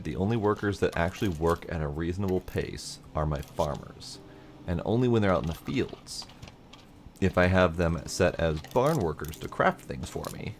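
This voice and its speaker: A man's voice: low-pitched, a little hiss or hum. A man giving casual let's play commentary, thinking aloud as he plays and swearing mildly now and then. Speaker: gameplay commentator.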